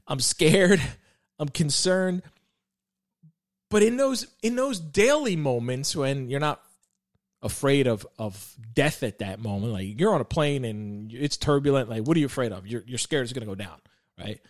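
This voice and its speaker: A man's voice: mid-range voice, animated, unhurried. A man in his thirties talking earnestly and reflectively about faith, often repeating himself and restarting his words. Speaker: podcast guest sharing faith reflections. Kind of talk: reflective devotional talk.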